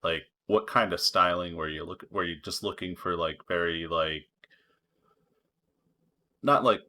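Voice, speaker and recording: A man's voice: sits low, a little slow, bright, forceful tone. A man co-hosting a podcast, talking in a helpful, hesitant casual chat with fillers. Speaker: podcast co-host.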